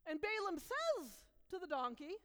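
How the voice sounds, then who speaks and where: A woman telling a Bible story in an animated, dramatic way with emphatic pauses, heard with long hall reverb. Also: extremely high pitch.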